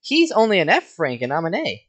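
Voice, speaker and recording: A performer voicing a hot-tempered young female anime swordfighter in a fan roleplay reading, shouting indignantly. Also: medium pitch, wildly swooping pitch, fairly quick.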